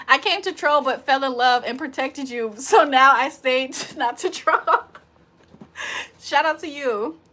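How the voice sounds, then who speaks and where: Woman livestream host, high and bright, roasts her chat, breaks into loud laughter. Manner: trash-talking, laughs loudly. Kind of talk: casual live chat.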